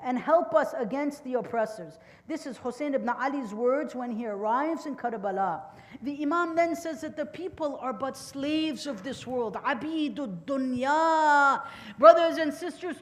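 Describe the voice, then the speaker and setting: A woman giving a mourning sermon as majlis speaker, narrating with passion, quoting Arabic phrases and building to cried-out lament. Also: high voice.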